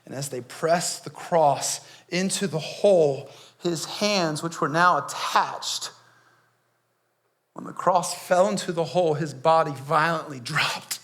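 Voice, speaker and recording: A man, a pastor, playing Barabbas in a dramatic first-person monologue, dropping to hushed near-whispers and rising to pleading outbursts, with sharp gasps between phrases. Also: a little high, slow. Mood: hushed, grim. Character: Barabbas, a grown man, haunted and shaken.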